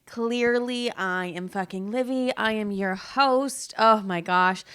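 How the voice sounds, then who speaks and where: A young woman talks through her own podcast in a loose, chatty way, swearing freely and slipping into the voices of people she quotes. She sounds tired, and her pitch sits in a middle range for a woman. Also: slow pace, fairly bright tone, smooth. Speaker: podcast host. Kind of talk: casual solo podcast chat.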